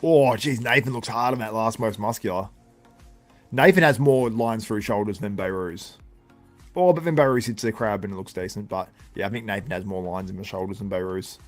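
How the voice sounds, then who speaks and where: A man's voice: fairly low pitch, fairly quick, faint music behind. Man with a tired, sore voice. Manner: chatty, reacts to chat with laughs. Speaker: livestream host. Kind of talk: casual live commentary.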